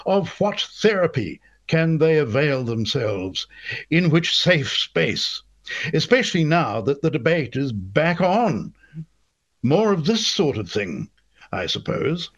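A man's voice: a little high, big pitch swings, takes it slowly, a bit bright. A man reading scripted political commentary with sneering, ornate insults. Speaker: commentary host. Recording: slightly dull, muffled audio.

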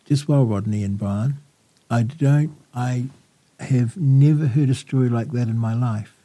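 A man's voice: medium pitch, measured pace. A man hosting a talk radio interview, effusive and full of praise for his guest. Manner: warm, effusive. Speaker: radio host.

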